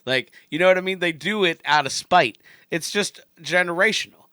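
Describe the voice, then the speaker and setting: A man near forty holds forth in a loose podcast chat, swearing freely and slipping into quick impressions to make his point. His voice sits a little high and rings bright, recorded close and dry. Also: clean tone, dry recording. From United States. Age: late 30s. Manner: animated, profane, acts out voices mid-rant. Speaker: podcast co-host. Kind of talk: casual chat.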